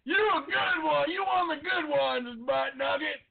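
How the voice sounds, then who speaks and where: A man voicing a high, gravelly stoner puppet. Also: moderate pace, exaggerated voice. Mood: teasing. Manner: mocking, ribbing banter. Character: crude stoner puppet, male, teasing. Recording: tinny lo-fi podcast audio.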